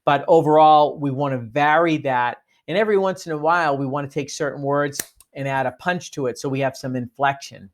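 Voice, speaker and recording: A man giving a sales training talk, coaching listeners and acting out sample phone greetings. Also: on the high side. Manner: coaching, demonstrates phone lines.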